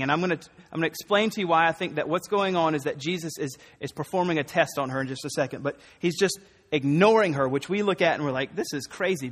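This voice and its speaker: A man preaching a sermon as a pastor, conversational and animated, correcting himself and laughing as he goes. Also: fairly high pitch, long reverb tail.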